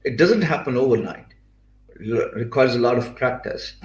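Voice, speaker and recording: A man's voice: mid-range voice, lively intonation, moderate pace. Man with a Pakistani accent, echoey room. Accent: Pakistani English. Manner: earnest, many fillers and restarts. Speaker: freelancer. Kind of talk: motivational talk.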